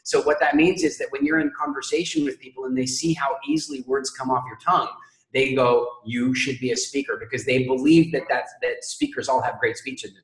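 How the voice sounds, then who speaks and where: A man's voice: mid-range voice, fairly quick. Man coaching with roomy echo. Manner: calm explanatory, uses analogies. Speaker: speaking coach. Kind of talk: group coaching call.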